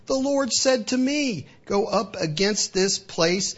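A man's voice: sits high, expressive, slow, few pauses. A man preaching a sermon, asking rhetorical questions and acting out the devil's taunts. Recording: dull lo-fi recording.

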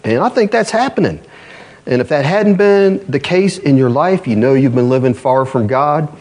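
A man preaching a sermon to a congregation, reading scripture aloud, asking the room for responses and leaping to emphatic high calls before dropping low and slow. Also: lively intonation, darkish tone. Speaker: pastor.

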